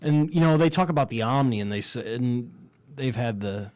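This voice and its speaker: A man co-hosting a wrestling podcast, talking casually and opinionated, quick to argue and swear. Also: medium pitch, animated, a little mellow. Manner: opinionated, argumentative, swears freely. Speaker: podcast co-host.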